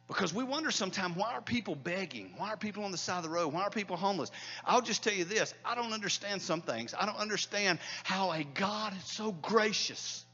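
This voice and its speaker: High-voiced preaching pastor, echoey hall. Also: male voice, slightly rough, muffled recording. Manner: swings between loud preaching and hushed near-whispers. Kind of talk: sermon. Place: church hall.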